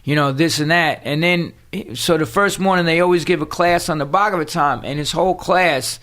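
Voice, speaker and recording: A profane New storyteller with a higher male voice talks a little fast. He's a punk singer guesting on a podcast, telling stories in a casual interview with animated street talk.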